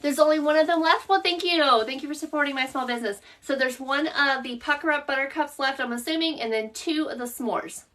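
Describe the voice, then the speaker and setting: A woman's voice: sits high, fairly quick, hardly any pauses, a bit bright, recorded from a distance. A woman with a Southern accent, hosting a live-stream craft tutorial, chatting through the steps and answering viewers by name as she works.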